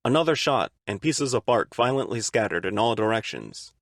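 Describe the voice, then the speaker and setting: A man narrating a fan-read audiobook with expressive, dramatic storytelling. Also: on the low side, normal speed, no echo, clean studio sound.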